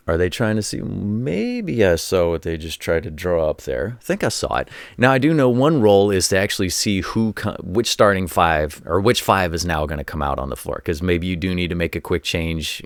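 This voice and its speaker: A man with a fairly low voice talks through sports stories in a loose, rambling way, often doubling back on his words. His voice sounds dry and close, with no room around it. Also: no echo. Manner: rambling, repeats words, acts out quoted voices; former college coach telling anecdotes. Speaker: show host. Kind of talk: casual commentary monologue.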